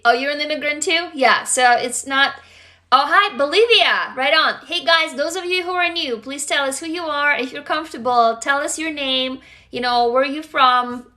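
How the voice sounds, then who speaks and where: A woman's voice: sits high, pushed and bright. A woman, hosting a casual livestream, talking frankly and affectionately to viewers and greeting commenters, with occasional swearing. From Russia. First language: Russian. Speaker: livestream host.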